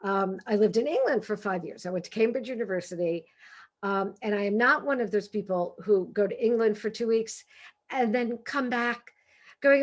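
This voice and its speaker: A woman's voice: fairly high pitch, normal speed. Chatty Brooklyn woman telling funny stories. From Brooklyn, New York. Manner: lively, animated, chatty with many asides. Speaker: author and humorist. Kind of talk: comic storytelling talk. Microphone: video call.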